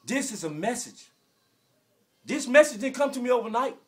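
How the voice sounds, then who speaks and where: Very high-voiced Southern man ranting. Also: big pitch swings, moderate pace, soft background music. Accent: Southern American. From Arkansas, US. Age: 40s. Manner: preachy, emphatic, repeats phrases, bursts into shouts. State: emotional. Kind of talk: impassioned direct-to-camera rant.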